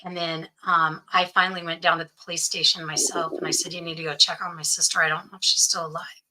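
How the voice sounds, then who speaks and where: Speaking fast in a fairly low, sharp voice with little pitch movement, a woman interview guest earnestly recounts a personal story and quotes what people told her. The recording is rough.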